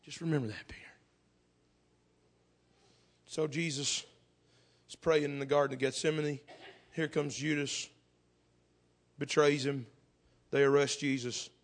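A man's voice: fairly high pitch, little pitch movement, unhurried, long pauses. A man preaching a sermon at a church service, impassioned and repeating words as he builds.

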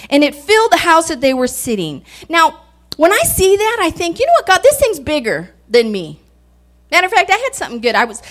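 A woman with a high voice preaches in a homespun, storytelling way. She laughs often as she talks, and her delivery sounds relaxed and chatty. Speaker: guest speaker. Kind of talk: sermon.

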